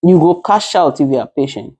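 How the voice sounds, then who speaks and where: A Nigerian-accented content creator and caregiver talks casually to camera, giving emphatic, lecturing advice and slipping into Nigerian Pidgin. Her low, dark voice is expressive, fairly quick, and a bit breathy, and the recording is dry.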